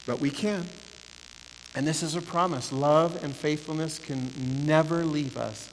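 A male pastor preaches in a somewhat high, gravelly voice, often climbing into impassioned, almost shouted pleading. The sound carries a long echo from the hall, with a faint hiss and mains hum underneath. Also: steady tone, a little slow. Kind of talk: sermon.

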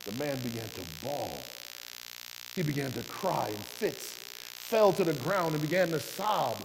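A man preaching a sermon, telling a testimony with passion, his voice swinging from hushed to loud. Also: fairly high pitch, lively intonation, unhurried, vocal fry. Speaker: preacher and doctor. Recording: long hall reverb with electrical hum and hiss.

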